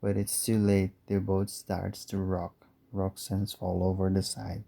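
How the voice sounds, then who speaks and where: A man narrating a simple storybook for learners in a clear, measured way. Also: deep voice, monotone, warm tone. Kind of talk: slow storybook reading for learners.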